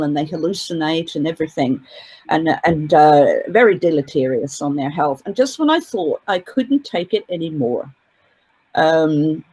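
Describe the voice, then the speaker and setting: Appearing as a guest commentator on a court case, a woman talks in a casual interview with meandering sentences, frequent fillers, and restarts that make her sound hesitant. Her deep voice is slightly mellow with a breathy edge, recorded in poor audio.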